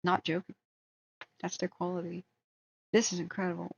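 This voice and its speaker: A woman's voice: lowish voice, little pitch movement, moderate pace, vocal fry, breathy edge. An American woman hosting a long wildfire-tracking livestream, chatting casually, rambling and opinionated, reading viewer comments aloud. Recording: dull lo-fi stream audio.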